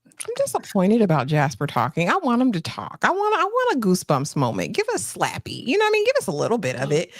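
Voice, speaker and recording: A woman's voice: medium pitch, dry recording, clean studio sound. A woman co-hosting a live fan discussion, teasing and sassy in casual chat.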